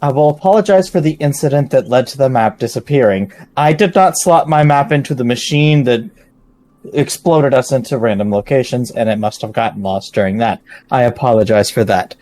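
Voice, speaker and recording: A man playing a tabletop game in character, with a stammering and animated delivery. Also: medium pitch, brisk. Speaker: player.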